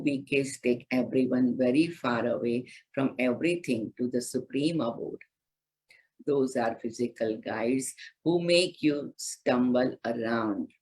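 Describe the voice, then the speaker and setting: A woman who is a spiritual teacher, reading scripture slowly and gently and adding her own commentary in a devotional talk. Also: a bass voice, breathy edge, rough recording. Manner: gentle, unhurried, guiding listeners through meditation.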